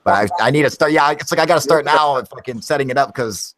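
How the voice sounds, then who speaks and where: A man's voice: medium pitch, quick pace, background noise. A young man hosting a live stream, chatting casually with lots of swearing and "dude". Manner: profane, laid-back, says dude a lot. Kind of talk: casual chat.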